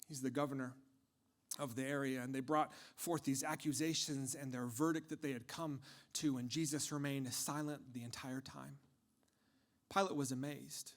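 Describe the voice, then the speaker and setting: A man delivering a dramatic first-person storytelling monologue, impassioned, swinging from hushed tones to shouting. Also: on the high side, fairly even intonation, normal speed.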